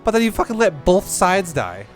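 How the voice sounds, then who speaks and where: A man's voice: sits high, big pitch swings, normal speed, soft background music. A young man giving blunt, profane, rambling coaching on a game. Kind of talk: casual game coaching commentary.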